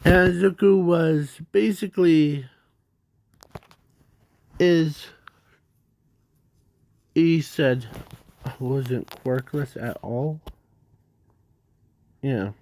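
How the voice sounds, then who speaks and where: A man slowly narrating an improvised fan story, halting often with restarts and fillers. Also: fairly high pitch, a little mellow, no echo.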